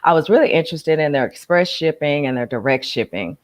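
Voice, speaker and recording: A woman co-hosting a casual live stream, relaxed and slangy with plenty of fillers. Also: sits low, brisk. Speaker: co-host.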